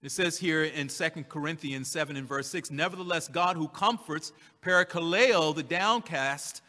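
A man preaching a sermon, repeating key phrases with slow emphasis and drawing out scripture readings. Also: fairly high pitch, sharp tone. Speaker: pastor. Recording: long hall reverb.

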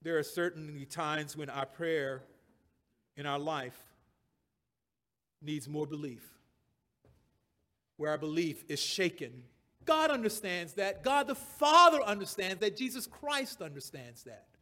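A man's voice: fairly high pitch, big pitch swings, unhurried, long pauses, bright, forceful tone. A man preaching a sermon, reading scripture aloud and repeating key phrases and verse references, swelling to emphatic peaks.

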